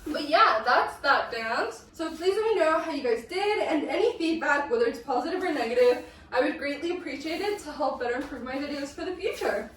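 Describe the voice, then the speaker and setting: A woman's voice: sits high, lively intonation, a little fast, fairly bright tone, slight background noise. Breathless young woman in an echoey room. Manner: counts beats aloud, upbeat and chatty. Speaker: dance tutorial host. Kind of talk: counting through a dance lesson. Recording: echoey room, mic at a distance.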